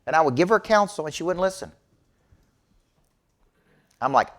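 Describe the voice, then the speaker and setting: A man's voice: a little high, expressive, moderate pace. Emphatic man coaching a crowd. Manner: emphatic, preachy, repeats "okay?" to check in. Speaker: business coach. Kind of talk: motivational talk to an audience.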